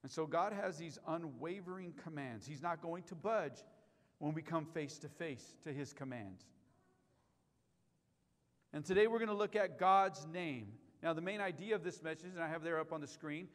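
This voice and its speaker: A male pastor delivers a sermon in a high, ringing voice. He stresses key lines and puts questions to the church. The live stream carries a long reverb from the sanctuary. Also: lively intonation, moderate pace. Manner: emphatic preaching, repeats key lines, asks the church questions.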